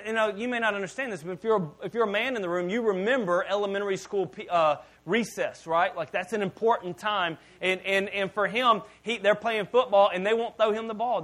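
A man's voice: high-pitched, fairly bright tone. A man in his thirties giving a sermon as a pastor, talking casually and turning to the congregation with asides. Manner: casual, conversational preaching with asides to the audience. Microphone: podcast mic.

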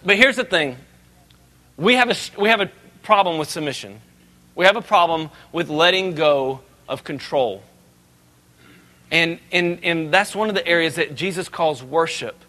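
A man preaching a sermon as a pastor, conversational and joking, rising to animated emphasis. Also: a little high, moderate pace.

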